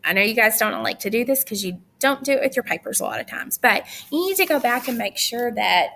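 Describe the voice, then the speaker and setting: A young woman teacher talks her students through recorded instructions in a bright, crisp voice at a middle pitch. She sounds chatty and firm, and she drops in teasing asides as she goes. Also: slight background noise.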